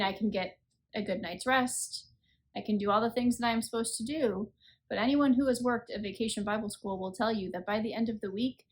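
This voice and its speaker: A woman's voice: a little high, slightly rough. A woman in her thirties hosting a faith podcast, talking in an earnest, conversational way and saying she is tired. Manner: earnest, conversational, self-deprecating. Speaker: podcast host. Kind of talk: reflective faith podcast talk.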